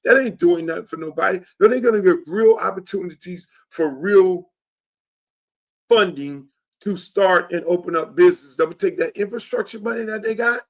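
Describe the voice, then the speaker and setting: A man's voice: high-pitched, normal speed. A man hosting his own show and talking about his run for office in an emphatic, blunt, profane and repetitive way. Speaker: show host and political candidate. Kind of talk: casual political monologue.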